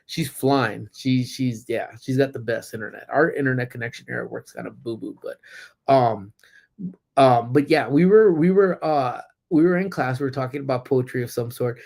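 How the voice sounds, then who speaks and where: A man hosts a loose, unscripted live-stream chat from his parked car. He rambles through stories with frequent ums and gets blunt and salty when something irritates him. His voice sits at a middle pitch with a gravelly fry running through it. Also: normal speed, darkish tone. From Southern California. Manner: rambling storyteller with many ums, blunt and profane when annoyed. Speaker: livestream host. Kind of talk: casual live-stream chat, reading chat comments aloud.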